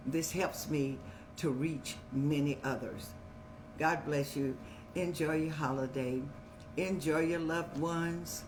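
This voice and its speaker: An older woman hosting a show, giving motherly, preachy advice in a folksy way and telling stories with lively rises in pitch. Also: slow pace, music in the background. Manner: folksy, preachy, calls listeners child; animated storytelling with rising pitch. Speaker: host answering viewer questions.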